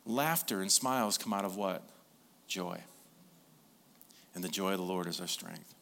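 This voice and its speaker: A man preaching a sermon, conversational and animated, who drops soft and low for emphasis. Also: measured pace, gravelly, long pauses. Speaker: pastor.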